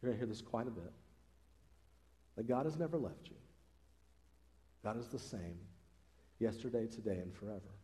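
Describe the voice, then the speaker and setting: A man's voice: fairly low pitch, lively intonation, normal speed, pauses often, mellow, long reverb tail. A man preaching a sermon as pastor, speaking earnestly and conversationally, lifting his voice for emphasis. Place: church sanctuary.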